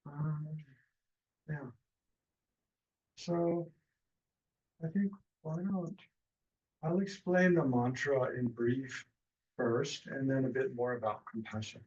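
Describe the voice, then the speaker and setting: A man teaching a meditation class in a relaxed, hesitant way with many fillers and restarts, speaking over a video call. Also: medium pitch, slow pace, pauses often. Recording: distant, dull lo-fi mic.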